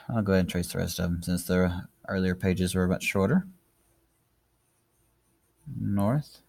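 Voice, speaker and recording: A man with a gravelly, low voice walks viewers through cursive letters. He chats and encourages as he writes along. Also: darkish tone. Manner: chatty, encouraging, talks while writing. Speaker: handwriting teacher. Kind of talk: casual tutorial narration.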